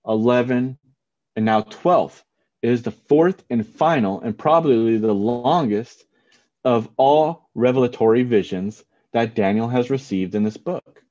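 Middle-aged male pastor, relaxed storytelling preacher, warm dark tone. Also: medium pitch. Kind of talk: sermon. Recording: dull lo-fi sound.

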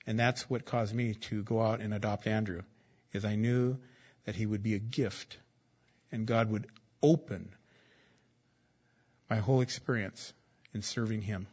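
A man's voice: on the low side, steady tone, unhurried, long pauses, a little mellow, breathy edge, highs cut off. A man preaching a sermon as pastor, in a conversational, joking style that repeats key phrases.

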